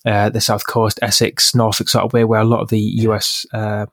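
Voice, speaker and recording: A man's voice: fairly low pitch, monotone, moderate pace, a bit bright, no room sound, studio quality. A man co-hosting a podcast, talking things through in a casual, hesitant way with many restarts. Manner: hesitant, repeats words, thinking aloud. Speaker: podcast co-host.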